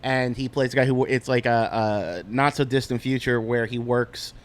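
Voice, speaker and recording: A man's voice: medium pitch, steady tone, normal speed. Man rambling through a movie plot. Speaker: podcast guest. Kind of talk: casual podcast banter.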